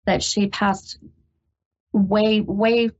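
A woman hosting a call-in psychic reading, halting and full of ums, gentle and reassuring with the caller. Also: mid-range voice, flat delivery. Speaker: psychic medium host. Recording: dull lo-fi radio recording.

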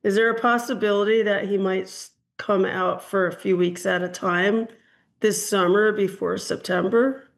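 Woman psychic host, gravelly low-energy fry, chatty and rambling, call-in reading. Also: fairly even intonation, moderate pace. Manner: chatty, hedging, frequent ums and "I'm getting". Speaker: psychic reader hosting a call-in show.

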